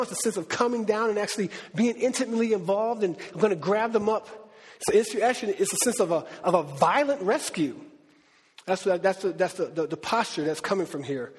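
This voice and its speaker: Male preacher, high and husky, lively casual Bible teaching, reverberant hall. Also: moderate pace. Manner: animated, conversational, acts out quotes.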